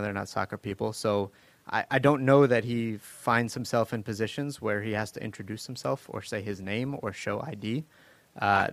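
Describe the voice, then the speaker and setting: Low-voiced man hosting a casual chat. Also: fairly bright tone, no echo. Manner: loose, laughing storyteller with many fillers. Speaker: podcast host.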